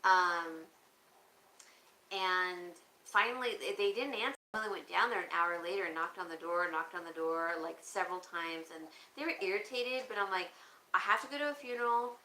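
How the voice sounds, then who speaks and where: A woman's voice: on the low side, normal speed, bright, forceful tone. A woman hosting a livestream auction, chatting casually and rambling while she answers viewer comments. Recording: echoey room with faint background noise.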